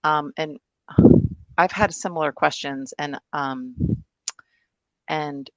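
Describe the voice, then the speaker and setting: A woman's voice: deep voice, fairly even intonation, slow, a bit bright, dry recording. A woman presenting and discussing on a video call, chatty and enthusiastic, laughing often. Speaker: guest presenter.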